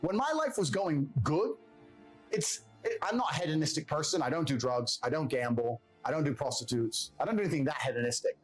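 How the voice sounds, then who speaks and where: Fast, animated man giving blunt motivation. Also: a little high, faint music behind, rough recording. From England. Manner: blunt, profane, self-assured. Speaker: podcast guest. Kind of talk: motivational monologue.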